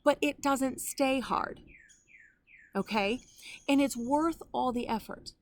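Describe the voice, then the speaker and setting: A woman's voice: high voice, slow. A woman, a grandmother in her fifties or older, teaching the Bible online in an earnest, conversational way with personal asides.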